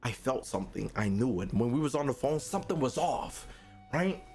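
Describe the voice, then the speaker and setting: A man's voice: medium pitch, moderate pace. A young man streamer telling a profane story to his chat, acting out the other people's lines. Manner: animated, profane, acts out quotes. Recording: faint music behind.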